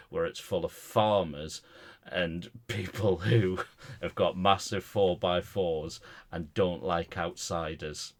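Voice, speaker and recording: A man, co-hosting a podcast in casual chat, rambling through stories with stammered restarts. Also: low-pitched. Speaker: podcast co-host.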